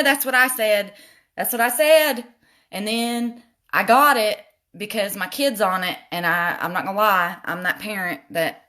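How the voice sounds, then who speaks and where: Bright, chatty woman doing a makeup livestream. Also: on the low side. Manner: chatty, goes off on laughing tangents; talks straight to viewers, addressing them as y'all. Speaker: makeup vlogger. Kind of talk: casual makeup tutorial livestream chat.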